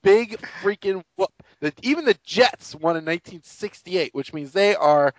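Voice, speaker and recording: A man's voice: sits high, lively intonation, moderate pace, dry recording, lo-fi sound. A man co-hosting a sports podcast, ranting in an exasperated, sarcastic way and mocking people in quoted voices. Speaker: podcast co-host. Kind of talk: casual sports podcast rant.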